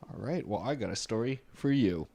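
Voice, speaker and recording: Young male podcast co-host, animated delivery, loose and profane storytelling. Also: lowish voice, moderate pace, creaky. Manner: laid-back, swears freely, laughs often. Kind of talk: casual comedic history storytelling.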